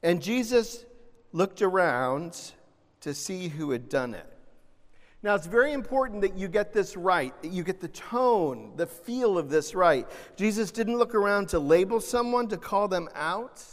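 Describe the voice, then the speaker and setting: A man preaching a sermon, animated, swinging between loud emphasis and soft, gentle asides. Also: high-pitched, unhurried. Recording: long reverb of a large hall.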